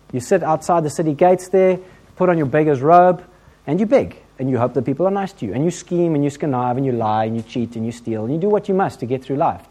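A male preacher with an English accent delivers a chatty sermon. He talks like he is telling a story to friends, with quick asides and a joking edge. His pitch swings up and down a lot as he goes. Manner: conversational, humorous, animated, with many asides.

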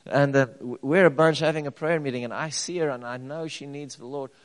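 A man preaching a sermon, swinging between loud declarations and quiet personal stories. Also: medium pitch, fairly even intonation, fairly quick. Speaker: pastor. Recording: long hall reverb.

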